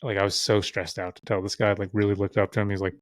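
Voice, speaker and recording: Lowish guy rambling thru a story, swears a ton, lots of "like", dry mic. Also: level tone, fast talker, dry recording. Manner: loose and profane, filler-heavy. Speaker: podcast guest. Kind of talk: casual storytelling chat.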